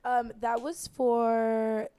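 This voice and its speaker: A woman guest on a podcast in casual chat, bubbly and quick to laugh. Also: fairly high pitch, little pitch movement, mellow, clean tone.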